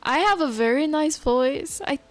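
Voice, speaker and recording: A woman live streamer in casual chat with her viewers. She is relaxed and chatty, laughs often and answers chat messages. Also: sits high, normal speed, soft background music.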